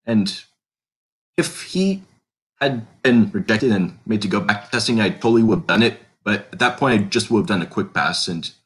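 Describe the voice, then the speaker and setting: A man's voice: fairly low pitch, lively intonation, normal speed. A man co-hosting a casual podcast, explaining his choices in long, rambling, self-correcting sentences. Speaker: podcast co-host, character creator.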